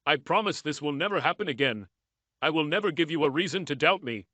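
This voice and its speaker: A woman's voice: low voice, animated, quick pace, fairly bright tone, dry recording. A man reading as a remorseful cheating wife. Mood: pleading. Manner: pleading, apologetic. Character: remorseful unfaithful wife, adult woman.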